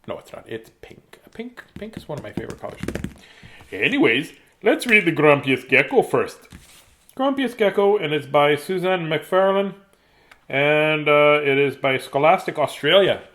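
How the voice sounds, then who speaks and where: A man's voice: a little high, expressive, moderate pace, a bit bright. Playful man reading a picture book aloud. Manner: playful, jokey, slips into silly voices and asides. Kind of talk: casual read-aloud for children.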